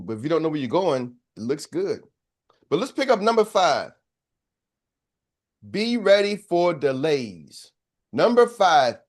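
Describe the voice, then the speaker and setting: A middle-aged man, a sales coach giving a motivational talk, telling stories in a preachy way and calling out to his audience. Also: fairly high pitch. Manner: preachy, storytelling, calls out to the audience. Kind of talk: motivational speech.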